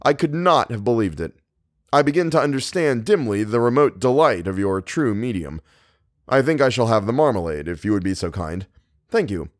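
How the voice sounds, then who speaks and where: A man voicing an earnest older doctor in a storybook reading, measured and savoring his words. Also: mid-range voice, expressive, no echo, studio quality, close to an everyday voice. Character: learned older male doctor, earnest and fussy.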